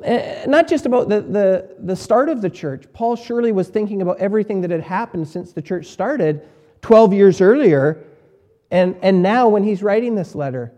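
A man preaching a sermon as pastor, emphatic, repeating key words and swinging between quiet and loud. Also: high-pitched, expressive, moderate pace.

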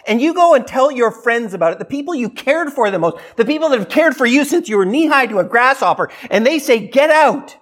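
A preacher with a mid-range voice delivers a sermon conversationally, posing rhetorical questions to listeners and occasionally acting out what people might say.

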